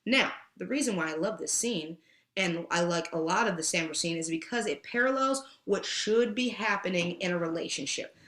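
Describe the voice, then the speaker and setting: A woman's voice: on the low side, moderate pace, reverberant. A woman co-hosting a TV review podcast, chatting casually and acting out characters' lines as she recaps. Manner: animated, acts out the characters' lines. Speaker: podcast co-host.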